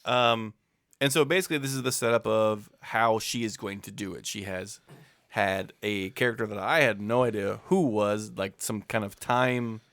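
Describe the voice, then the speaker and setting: Gravelly-voiced man chatting casually. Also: on the low side, fairly even intonation, moderate pace, fairly bright tone, dry recording, clean studio sound. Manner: chatty, laughs often, recaps comics loosely. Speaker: podcast co-host. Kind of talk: casual chat.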